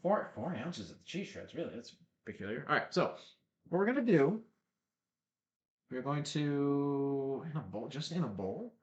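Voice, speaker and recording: A man's voice: medium pitch, very animated, measured pace, muffled recording. A man chatting casually while cooking on a live stream, rambling and joking at himself as he answers viewers. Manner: rambling, self-mocking, chats with viewers. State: stuffy nose.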